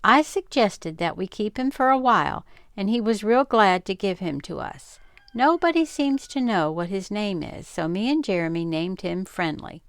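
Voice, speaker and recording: A woman's voice: mid-range voice, expressive, moderate pace, no echo, clean studio sound, close to an everyday voice. An older woman doing a reassuring big sister. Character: helpful older sister, girl.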